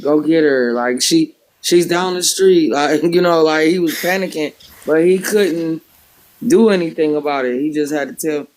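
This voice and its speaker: A man's voice: medium pitch, poor audio. A man hosting a livestream, telling a story in a loose, rambling way with many filler words. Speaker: livestream host; former home health care worker. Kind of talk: casual storytelling chat.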